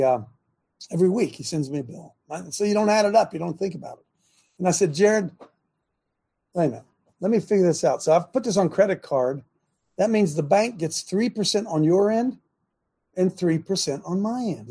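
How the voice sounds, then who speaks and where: A man's voice: a little high, dark tone, breathy edge. An older man hosting a talk show, speaking emphatically, repeating himself and laughing in disbelief. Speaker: host. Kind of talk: talk radio commentary.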